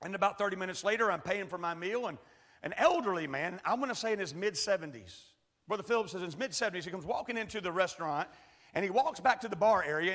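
A high-voiced man preaching in a church with long reverb. His tone is bright and forceful. He tells a folksy story that moves from quiet asides to shouted passages. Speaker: pastor. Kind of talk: sermon storytelling. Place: large church hall. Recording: echoey church hall.

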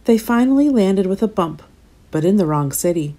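A woman reads a children's storybook aloud in an expressive, animated way, using a mid-range voice at a moderate pace.

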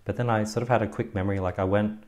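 A man's voice: lowish voice, steady tone, very fast, a little mellow. A young man with an Australian accent hosting a casual interview, rambling with lots of fillers and restarts as he asks questions. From Australia (West Sydney). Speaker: podcast host.

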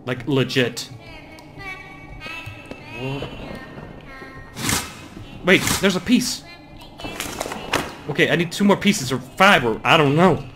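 A young man talks his way nervously through a horror game, muttering to himself and yelping at scares. His voice sits a little high for a man. Game music plays clearly behind him. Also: animated, takes it slowly, pauses often. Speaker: gaming YouTuber. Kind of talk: horror game let's play.

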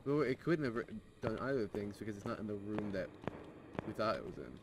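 A man's voice: fairly low pitch, expressive, brisk, background noise. A man in casual chat with friends while playing a game, often stumbling and restarting his words. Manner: hesitant, stumbling over words. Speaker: gamer.

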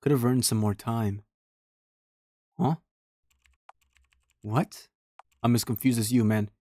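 A man's voice: medium pitch, steady tone, slow pace, mellow, dry recording. Gamer guy, mid voice, dry close mic, talks to himself while playing. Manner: talks to himself, reads game text aloud. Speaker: streamer playing a horror game. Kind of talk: casual let's-play commentary.

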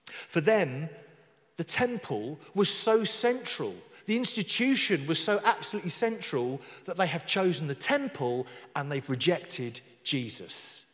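A man's voice: a little high, sing-song, unhurried, a bit bright. A man preaching a sermon in a conversational way, with jokey asides, reading scripture aloud with emphasis. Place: church hall. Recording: long hall reverb.

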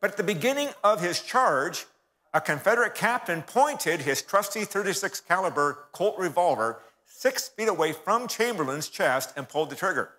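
Bright-voiced man in a reverberant church. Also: high voice, expressive, normal speed. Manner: storytelling, addresses audience as folks. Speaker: church speaker. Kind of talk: history talk from the pulpit. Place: church hall.

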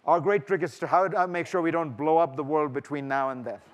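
A man's voice: on the high side, steady tone, fairly quick, very noisy. A middle-aged man speaking to a festival audience, thoughtful and full of restarts and fillers, then taking questions. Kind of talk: festival talk and Q&A. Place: large lecture hall.

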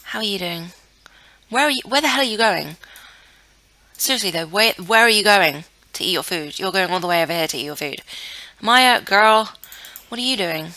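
Bright-voiced chatty young woman. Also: mid-range voice, expressive, normal speed. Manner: chatty, talks to her game characters, easily flustered. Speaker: let's play gamer. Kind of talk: casual gameplay commentary.

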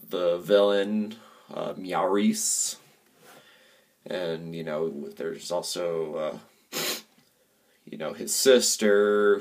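A low-voiced man talks through a film review in a casual, unhurried way. He speaks slowly and keeps stopping to hunt for words with plenty of filler sounds in between. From United States. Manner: halting, many filler pauses.

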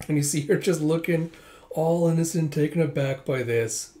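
A man reading a manga aloud, chatty and casual, narrating the panels with quick asides. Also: on the high side, mellow. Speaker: manga reader. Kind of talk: casual comic readthrough.

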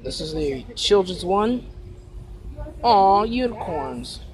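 Someone voicing a grumpy turtle prince who sighs and complains a lot, lower voice than his brother, pitch moves around, toy puppet movie. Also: sing-song, slow, a crowd in the background. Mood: grumbling. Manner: grumbling, sighing, complaining. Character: grumpy young male turtle prince, fussy shopper.

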